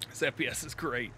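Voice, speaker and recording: A man with a drawl hosting a live game stream, chatting casually with viewers, laughing often and thanking them warmly. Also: medium pitch, slight background noise. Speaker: live-streaming gamer host. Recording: light game music behind.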